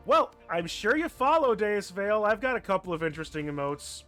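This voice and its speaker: A man's voice: sits high, sing-song, brisk, hardly any pauses, a bit bright, soft background music. A man commentating his own game with a hammy, put-on hillbilly drawl, rambling and stumbling over his words in folksy, self-mocking banter. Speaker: game streamer and league player. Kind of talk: casual gameplay commentary.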